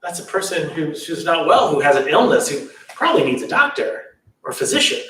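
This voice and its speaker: A man's voice: fairly high pitch, fairly quick, a little hiss or hum. A man voicing a male servant who explains things in a patient, matter-of-fact way, heard in a roomy space from a distance. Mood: explaining. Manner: flat, explaining tone.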